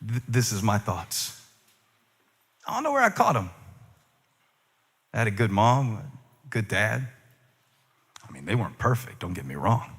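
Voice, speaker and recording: A male pastor preaching a sermon, moving between loud, emphatic peaks and quiet, musing asides, with humorous remarks to the congregation. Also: on the low side, sing-song, a little slow, pauses often, breathy edge, in a large hall.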